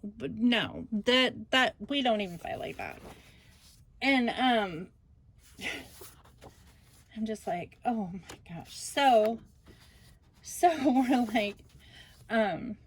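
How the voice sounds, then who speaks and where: A woman's voice: on the high side, extremely slow, pauses often. An older woman and grandmother, hosting a scrapbooking channel, rambling through a family story in a casual vlog. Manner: rambling, animated retelling of a family argument.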